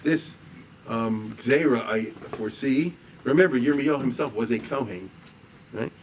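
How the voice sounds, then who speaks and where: This is a rabbi's lecture on a liturgical poem, delivered by a man with a medium-pitched voice at normal speed. He reads each line and then explains it conversationally, adding asides and asking "right?". A distant mic picks up faint background noise.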